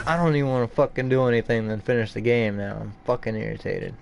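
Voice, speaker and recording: A man's voice: mid-range voice, fast talker, creaky, hardly any pauses, slight background noise. A man commentating a video game playthrough, ranting with lots of swearing. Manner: swearing, frustrated rants. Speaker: gamer. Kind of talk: gameplay commentary.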